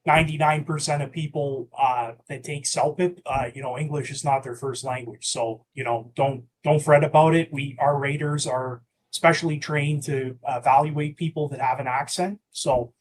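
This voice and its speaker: A man's voice: fairly high pitch, fairly even intonation, moderate pace, few pauses, slight background noise. A man who represents the test organisation, answering in a reassuring, easygoing way with many fillers. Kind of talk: webinar Q&A.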